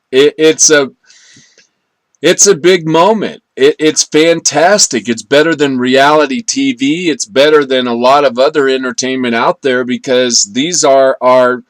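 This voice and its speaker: A man's voice: mid-range voice, no echo. A man hosting a casual political commentary show, enthusiastic, stumbling over restarts. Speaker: show host.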